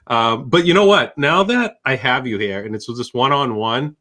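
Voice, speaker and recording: A man's voice: mid-range voice, animated, normal speed, sharp tone. A man with a Boston accent hosting a casual live-stream chat, joking and rambling with frequent restarts. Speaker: host.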